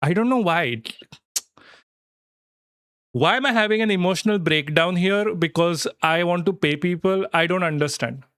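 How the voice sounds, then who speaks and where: A man's voice: high-pitched, fairly quick, few pauses, a bit bright, clean tone, no echo, studio quality. A man hosting a casual live stream, talking in a rambling, reassuring way and swearing now and then. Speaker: livestream host.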